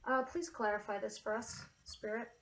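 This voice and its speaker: A woman's voice: fairly high pitch, fairly even intonation, normal speed, fairly bright tone, slight background noise, poor audio. A woman giving a casual tarot reading to camera, earnest and emotional, with casual swearing. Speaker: tarot reader.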